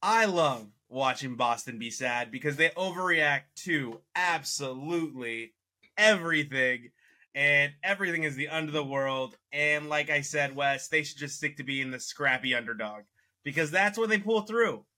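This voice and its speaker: Brief: upbeat male sports-talk host, bright tone, needling and gleeful. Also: on the high side, moderate pace. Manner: teasing, excitable, gloating about rivals. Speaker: podcast host. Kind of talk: casual sports chat.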